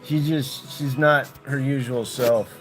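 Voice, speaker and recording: A man's voice: medium pitch, steady tone, slow pace, faint music behind. An American man on a casual livestream, talking in a laid-back way to his dogs and to viewers in the chat. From United States. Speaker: vlogger.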